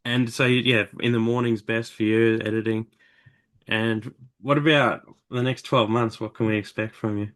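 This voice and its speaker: A man hosting an interview, asking questions in a halting, casual way and restarting mid-sentence. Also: lowish voice, steady tone, fairly bright tone. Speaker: interview host.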